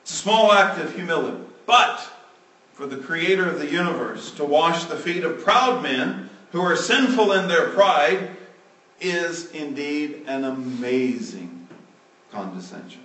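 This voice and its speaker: A male preacher delivering a sermon, swinging between loud emphatic lines and hushed, trailing phrase endings. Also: on the high side, expressive, measured pace, far from the mic. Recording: roomy, from off the mic.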